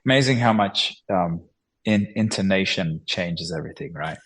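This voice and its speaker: An earnest man speaks in a low, gravelly register. He keeps restarting his thoughts and slips into lively acted-out quotes as he reflects in conversation. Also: moderate pace, poor audio. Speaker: guest, musician and filmmaker.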